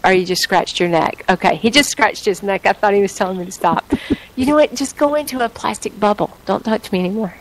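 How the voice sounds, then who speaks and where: A woman's voice: mid-range voice, fast, rough recording. Chatty radio host woman, playful Southern drawl. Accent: put-on Southern US. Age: middle-aged. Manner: chatty, rambling, laughs often. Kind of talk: casual radio chat.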